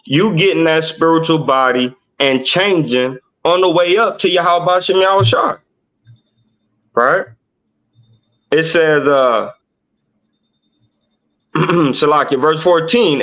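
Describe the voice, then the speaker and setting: A man with a fairly high voice teaches scripture on a livestream. He works through each verse slowly and keeps tagging "right?" onto his points. The audio is muffled and lo-fi, the way a livestream sounds. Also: a bit bright. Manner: explains slowly, asks "right?" after nearly every point. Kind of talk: bible study livestream.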